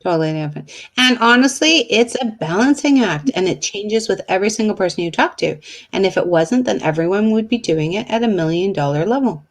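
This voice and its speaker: A woman's voice: mid-range voice, animated, a little fast. A woman co-hosting a live online chat, upbeat and enthusiastic with casual slang. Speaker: co-host.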